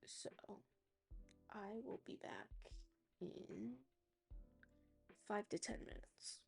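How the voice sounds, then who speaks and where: A woman's voice: medium pitch, sing-song, extremely slow, creaky, faint music behind. A woman streamer chatting casually while she crochets, rambling and often trailing off into a near-whisper.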